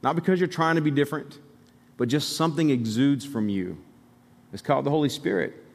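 This Alabama man, a pastor, preaches in a slightly high, fairly quick, creaky voice. He stays conversational but emphatic, tossing asides to the congregation. Recorded in a church sanctuary, the audio has a long hall reverb.

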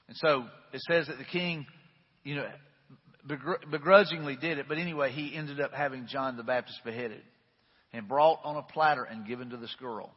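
A man's voice: fairly high pitch, husky. A man preaching a sermon in a conversational way, with fillers and restarts. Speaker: pastor. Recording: dull echoey hall.

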